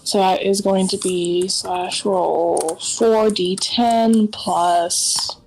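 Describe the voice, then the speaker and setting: Slow, easygoing woman player. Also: mid-range voice, fairly even intonation, darkish tone. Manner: slow, easygoing, counting out dice rolls. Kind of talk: casual tabletop play.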